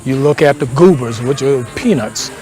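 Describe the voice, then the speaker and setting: A man's voice: medium pitch, moderate pace, mellow, soft background music. A man at a family barbecue who explains terms and background in a lecturing, casual way.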